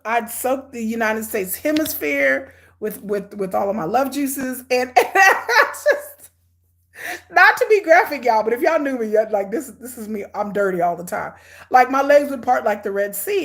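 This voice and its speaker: A middle-aged woman giving blunt, sarcastic, animated commentary on a reality show she is watching. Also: a little high, moderate pace. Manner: hyperactive and energetic. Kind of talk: casual live watch-along commentary.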